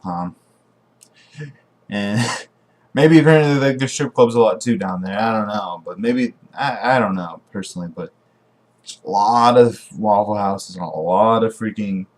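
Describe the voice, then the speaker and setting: Young man, lowish voice, casual vlog talk, rambling, lots of restarts. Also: normal speed. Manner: rambling, meandering storytelling with many restarts. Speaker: vlogger.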